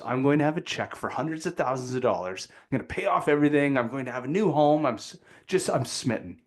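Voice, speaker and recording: Animated male storyteller in his forties. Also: mid-range voice. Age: 40s. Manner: lively, dramatic storyteller. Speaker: podcast guest.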